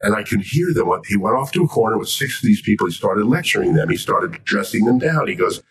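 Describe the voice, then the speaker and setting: An older man from Miami, a guest telling a story with lively animation. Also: lowish voice, quick pace, gravelly, distant mic. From Miami, Florida. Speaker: guest, sports interviewer. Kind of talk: storytelling in a chat.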